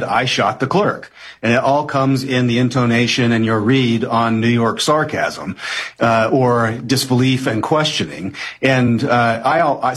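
A man answering interview questions with measured, analytical talk and frequent hesitations. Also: medium pitch, fairly bright tone, breathy edge. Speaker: guest analyst.

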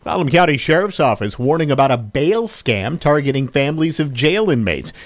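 A man announcing local news on a small radio station, with a brisk, plain announcer delivery. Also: on the high side, big pitch swings.

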